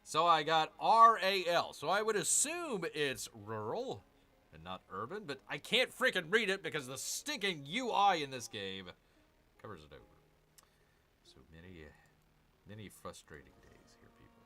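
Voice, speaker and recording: Animated, bright-voiced man grumbling over a game. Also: fairly high pitch, moderate pace. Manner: exasperated, grumbling asides. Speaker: streamer playing a strategy game. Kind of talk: gameplay commentary with chat reading.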